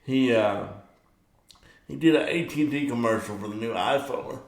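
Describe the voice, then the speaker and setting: A man's voice: medium pitch, moderate pace, gravelly, reverberant. A middle-aged man hosting his own video show, chatting casually and rambling, and he gets worked up when talking sports. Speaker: vlog host. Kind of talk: casual monologue to camera.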